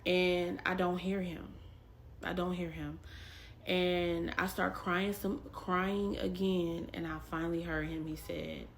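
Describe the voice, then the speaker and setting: Slow, gravelly-voiced woman telling her testimony. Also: lowish voice, little pitch movement, a little hiss or hum. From Texas. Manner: rambling, many fillers and repeated phrases. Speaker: vlogger. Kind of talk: personal faith testimony, casual storytelling.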